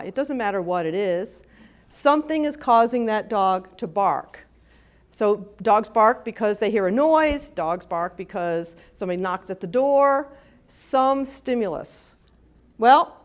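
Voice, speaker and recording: A woman gives a talk at a conference in a slightly high voice. She speaks with lively energy and now and then jumps into high, playful voices for dogs and their owners. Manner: lively, acts out dogs' and owners' voices with big pitch jumps. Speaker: animal behavior consultant. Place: conference hall.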